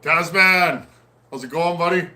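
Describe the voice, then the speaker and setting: A man hosting a casual livestream, reading out viewer comments and chatting in a friendly, easygoing way with frequent pauses. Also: a little high, pushed and bright. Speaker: host of a livestream on chainsaw repair. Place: at home in a snowy area.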